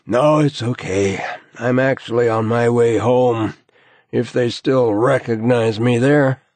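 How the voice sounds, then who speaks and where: A man's voice: mid-range voice, steady tone, slow pace, a little mellow, dry recording, pitched above the performer's own voice, lightly acted. Weary heavyset investigator, voiced by a man. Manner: weary, gruff replies. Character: tired, weary heavyset male crime scene investigator.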